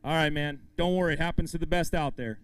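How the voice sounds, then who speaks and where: A man's voice: on the high side, steady tone, fast, fairly bright tone, clear, resonant tone, no echo. A man emceeing a live fishing tournament weigh-in outdoors, hyping up the crowd and the anglers as he calls out weights. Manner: upbeat, hypes up the crowd and anglers.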